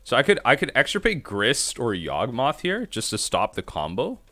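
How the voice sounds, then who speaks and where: A man streaming himself playing a card game commentates live in a low voice whose pitch swoops wildly, with a bright, forceful edge and moderate pace. He thinks aloud in rambling self-talk, restarting sentences as he works out each play. The sound is dry and close with no echo, and faint music plays behind him.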